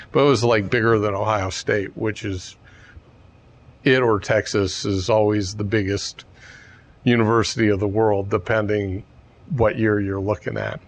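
A man telling a teaching story in a casual, digressive way with chuckling asides. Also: fairly low pitch. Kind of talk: storytelling dharma talk.

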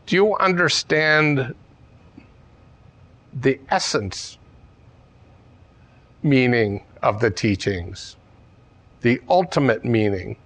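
A man's voice: medium pitch, lively intonation, extremely slow, long pauses, a bit bright, exaggerated voice. A man quoting a toothless old hag woman in a story, barely changing his own voice. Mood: questioning.

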